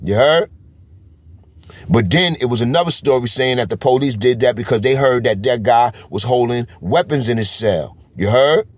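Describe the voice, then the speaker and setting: A man with a New York accent talks straight to camera in a casual vlog of street commentary, driving each point home with a constant "you heard?". His medium-pitched voice is expressive and moderately paced, with no room sound.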